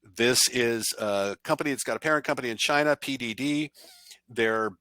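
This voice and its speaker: A man's voice: mid-range voice, moderate pace, fairly bright tone, no room sound. A man presenting a cybersecurity awareness training in a conversational style, giving blunt, emphatic warnings.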